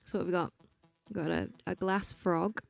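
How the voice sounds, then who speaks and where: A woman chatting casually as a guest judge on a livestream, making relaxed, brief remarks. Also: lowish voice, normal speed, gravelly, soft background music. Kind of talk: casual chat.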